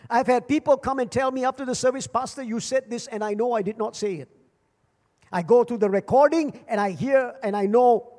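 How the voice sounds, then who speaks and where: An older man preaching a sermon as pastor, swinging between loud calls and soft asides and repeating phrases. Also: animated, normal speed. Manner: dramatic swings in pitch and volume, repeats phrases. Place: church service. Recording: long church hall reverb.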